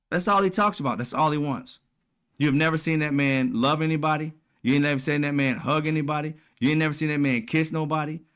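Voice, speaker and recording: A man's voice: on the high side, a bit bright, smooth. A man hosting casual political commentary, talking bluntly with profane slang and a mocking, sarcastic edge. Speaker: commentary channel host.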